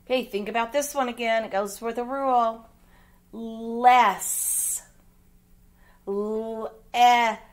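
Midwestern woman, grade-school phonics teacher, unhurried and deliberate, spells words letter by letter. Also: fairly high pitch, fairly even intonation. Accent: American Midwest. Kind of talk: phonics lesson for young children.

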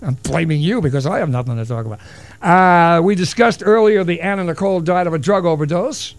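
A man's voice: high voice, animated, a little fast. A middle-aged man hosting a solo radio talk show, rambling and wisecracking with self-mocking asides. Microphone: studio broadcast mic.

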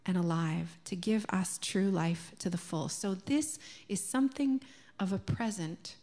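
Slow, soft-spoken Canadian woman preaching. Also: mid-range voice. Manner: slow, gentle and reflective, dropping to a soft near-whisper on key words. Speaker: minister. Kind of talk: sermon. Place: church sanctuary.

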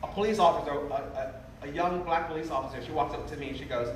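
A man with a high voice tells a revival testimony and acts out the people in his story. He sounds far from the mic, and his voice rings through a very echoey hall with faint room noise behind him. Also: quick pace. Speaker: revival preacher giving testimony. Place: large revival meeting hall.

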